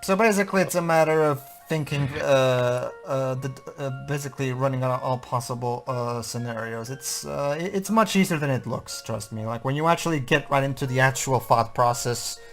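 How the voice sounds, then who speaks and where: A man's voice: mid-range voice, normal speed, hardly any pauses, faint music behind. A man playing a puzzle game, rambling jokily through his commentary with lots of filler words. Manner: rambling, many fillers and restarts, jokey. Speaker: player of a let's play. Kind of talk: let's play commentary chat.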